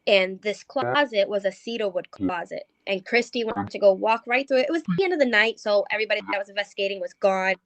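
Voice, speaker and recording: Woman guest, paranormal investigator, halting ghost story full of ums, dry close sound. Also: medium pitch, dry recording. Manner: hesitant, many ums and restarts. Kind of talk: recounting a ghost story in conversation.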